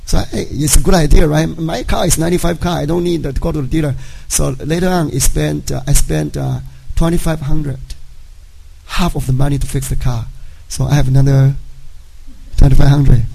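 A middle-aged man, a native Chinese speaker, giving a personal testimony to a congregation in halting speech, often checking in with "right?". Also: a little high, steady tone, creaky, warm tone, slightly rough, rough recording. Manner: halting, frequent "right?" tag questions. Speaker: church member giving a testimony.

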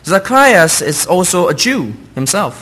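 A man's voice: sits high, very animated, normal speed, a bit bright. Earnest man interpreting a sermon. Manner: earnest, with hesitant fillers and non-native grammar.

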